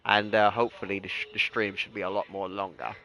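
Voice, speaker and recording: Rambling young British man, bright voice. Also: on the low side, flat delivery, fast talker, slight background noise, low-quality recording. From United Kingdom. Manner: rambling, full of "like" and restarts. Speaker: streamer. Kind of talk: casual chat on a gaming stream.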